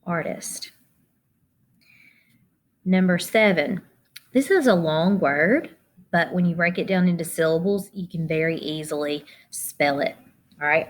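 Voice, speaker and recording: A woman teacher walks children through a spelling lesson, slowly sounding out each letter. Her voice sits a little low, and her pace is unhurried and deliberate. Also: slight background noise. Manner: slow, sounding out letters one by one.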